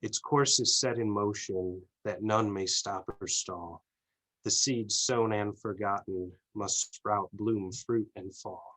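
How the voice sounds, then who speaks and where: A poet reads his own verse aloud, each line unhurried. His voice sits fairly low, and he takes his time. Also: a bit bright, low-quality recording.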